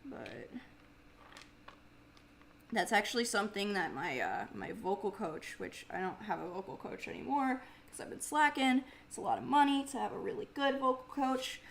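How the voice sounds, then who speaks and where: A woman's voice: big pitch swings, moderate pace, gravelly, a little hiss or hum. A young woman hosting a casual livestream in a mumbly, grumbly voice, chatting, swearing freely and laughing often. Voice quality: mumbly, grumbly low speaking voice. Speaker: livestream host and singer. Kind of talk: casual livestream chat reading viewer comments.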